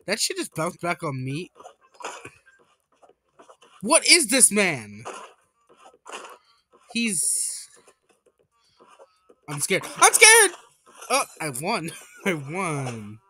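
A young man giving casual, excitable gameplay commentary who swears and breaks into high panicked yelling. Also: very slow, pauses often, breathy edge, no room sound, poor audio. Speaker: gaming YouTuber.

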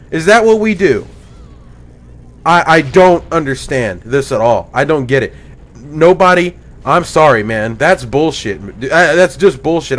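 A man's voice: high-pitched, a bit bright. A man hosting a gaming video, ranting indignantly with plenty of profanity. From United States. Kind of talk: gaming commentary rant.

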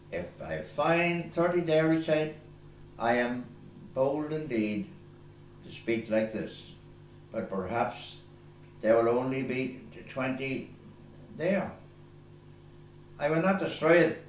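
Slow priest reading scripture. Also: male voice, mid-range voice. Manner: slow, deliberate reading with small slips and self-corrections. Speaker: priest celebrating Mass. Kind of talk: reading scripture aloud at Mass. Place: small chapel oratory indoors. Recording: echoey chapel with faint background hiss.

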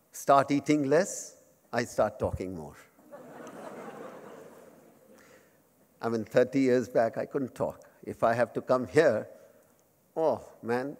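A man's voice: mid-range voice, a little mellow. A man in his fifties with an Indian accent, giving a humorous lecture in simple English mixed with Hindi and joking about himself. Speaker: guest speaker at a memorial lecture. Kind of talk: humorous speech to a live audience. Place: large lecture hall. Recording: long hall reverb.

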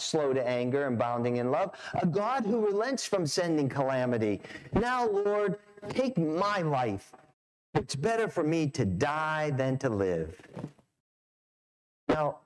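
In a church sanctuary, a middle-aged pastor preaches an animated, story-driven sermon, acting out voices as he goes. His voice runs on the high side and is a little mellow.

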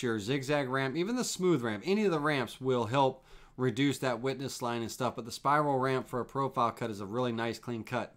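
A man walks viewers through CNC toolpath settings on a live stream. He talks in an easygoing way, repeats phrases as he clicks through the software, and uses plenty of fillers. His voice sits at an ordinary middle pitch. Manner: relaxed, repetitive explaining with fillers. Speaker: CNC woodworking instructor.

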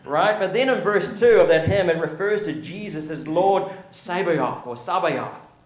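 A man's voice: sits high, a little slow. Preaching man in an echoey church. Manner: preaching with rising emphasis and questions to the congregation. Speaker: pastor. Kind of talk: sermon. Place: church sanctuary.

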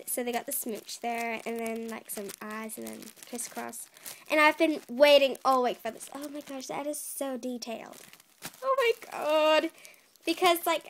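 A high-voiced teenage girl films an unboxing, squealing with giddy excitement and laughing often. Plastic crinkles softly in the background. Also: slight background noise. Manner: giddy, keeps exclaiming and laughing. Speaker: vlogger. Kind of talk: unboxing video.

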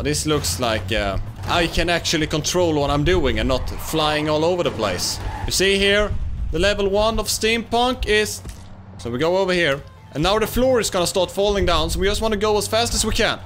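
A young man giving excitable let's-play commentary, laughing and shouting at wins and fails. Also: sits high. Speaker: gaming YouTuber.

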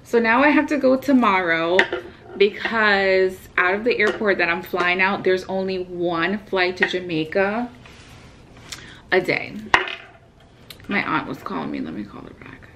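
A woman's voice: medium pitch, expressive, background noise. A young woman vlogging from a hotel room while telling a story to family on a phone video call. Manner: chatty storytelling, quick laughs. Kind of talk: casual video call chat.

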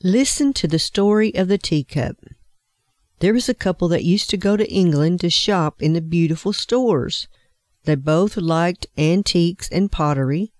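Slow, deliberate devotional storyteller, woman. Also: fairly low pitch, a little mellow, no room sound, studio quality. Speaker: preacher reading a devotional story.

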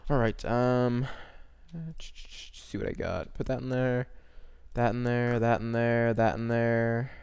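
A young man casually commentating his own video game play, rambling and breaking into quick excited exclamations. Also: medium pitch, creaky, clear, resonant tone.

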